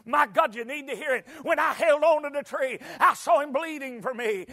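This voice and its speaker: A man preaching a sermon in a church, swinging between quiet storytelling and shouted, rhythmic climaxes. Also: very high-pitched, normal speed. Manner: shouting, sing-song preaching cadence.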